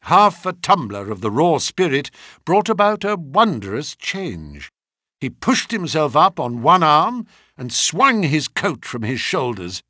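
A man's voice: a little high, big pitch swings, slow, bright, forceful tone, breathy edge, no room sound, studio quality. A man reading a detective story aloud as narrator, voicing the characters himself. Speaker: audiobook narrator. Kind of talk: scripted narration with character voices.

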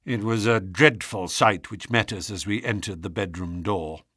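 A man narrating a classic novel audiobook in a measured storytelling manner. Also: slightly rough, dry recording, studio quality. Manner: measured storytelling with expressive pitch.

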